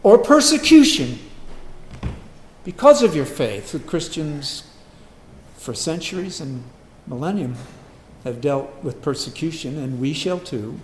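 A man preaching a sermon, swinging from hushed asides to loud, emphatic questions. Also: fairly high pitch, animated, a little slow, roomy sound, slight background noise. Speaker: pastor.

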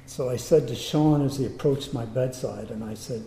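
A man preaching as he tells a personal story, earnest and animated. His voice is fairly high but soft and mellow. The room around him is roomy and echoey. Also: moderate pace, a little hiss or hum. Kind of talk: personal story told in a sermon. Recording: roomy echo.

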